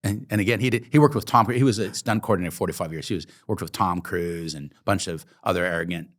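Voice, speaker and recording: Middle-aged man with a deep voice, relaxed interview guest who tells stories and plays out every line of dialogue himself. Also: fast. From Oregon, USA. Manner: vivid anecdotes, acts out dialogue, casual swearing. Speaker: interview guest, coffee entrepreneur. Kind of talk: conversational storytelling.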